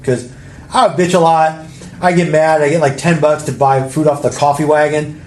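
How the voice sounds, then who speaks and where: A man's voice: fairly high pitch, steady tone, normal speed, reverberant. A man telling a story in casual podcast chat, rambling and swearing freely. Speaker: podcast co-host.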